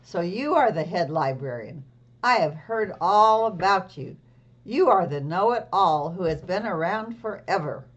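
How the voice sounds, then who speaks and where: A woman voicing a cheerful, literal-minded housekeeper in a storybook read-aloud, raising her voice a little brighter and louder. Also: lowish voice, lively intonation, measured pace, dull audio. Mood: earnest.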